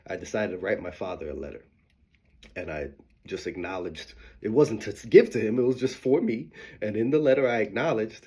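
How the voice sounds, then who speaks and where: A man's voice: fairly low pitch, a little fast, warm tone, slightly rough. A man hosting a motivational talk, speaking candidly and emphatically, swearing freely and often laughing. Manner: acts out quoted voices of himself and his mom. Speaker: host. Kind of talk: motivational monologue.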